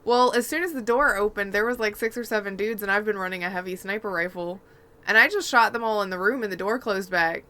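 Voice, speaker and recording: A woman's voice: mid-range voice, fast talker, sharp tone. A woman co-hosting a gaming podcast, telling rambling, chatty stories in casual conversation. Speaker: podcast co-host.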